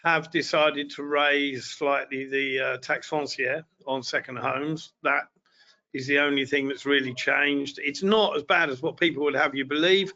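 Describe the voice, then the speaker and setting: A man who owns an estate agency speaks on an online webinar panel. His voice is bright and slightly tense, and it stays level in pitch. He sounds plain-spoken and reassuring, over dull lo-fi audio. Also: steady tone, unhurried.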